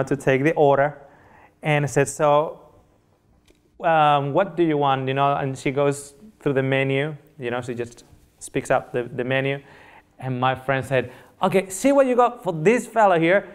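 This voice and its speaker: Animated man lecturing, higher voice. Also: clear, resonant tone. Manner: animated storyteller, acts out dialogue, frequent fillers and restarts. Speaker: nutrition lecturer. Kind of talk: live lecture with anecdote.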